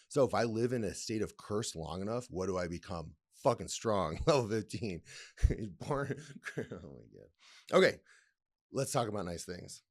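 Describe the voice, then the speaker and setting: A man's voice: fairly low pitch, lively intonation, normal speed. A man hosting a solo podcast, reading text aloud and breaking off to comment, laugh and swear in a playful, rambling way. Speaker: podcast host. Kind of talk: casual solo podcast talk.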